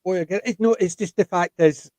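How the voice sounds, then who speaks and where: Older Scottish man, mellow and dry. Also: sits high, a little fast, dry recording, low-quality recording. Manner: chatty, animated storytelling with acted-out quotes. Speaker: host. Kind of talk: casual group chat.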